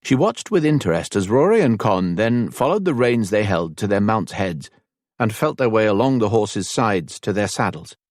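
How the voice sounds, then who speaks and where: A man narrating an audiobook in measured, even storytelling. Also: on the low side, no room sound, clean studio sound. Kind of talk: scripted narration.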